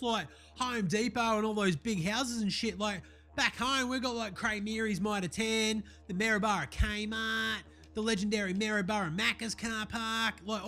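A man's voice: extremely high pitch, sharp tone, pitched above the performer's own voice, heavily acted. A man voicing a brash, crude young Australian bogan who rambles in slang about films.

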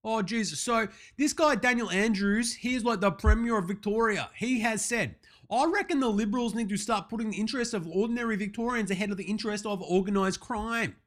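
A man's voice: high voice, brisk, a bit bright. A man doing a satirical comedy monologue as a show host, talking in a brash, crude and self-congratulating way, with sarcastic muttered asides.

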